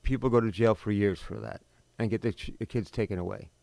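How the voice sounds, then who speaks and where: A middle-aged man hosting a podcast, telling a personal story in a blunt, bitter, emphatic way with sudden pauses. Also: lowish voice, fairly even intonation, vocal fry, a little mellow, dry recording. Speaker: podcast host.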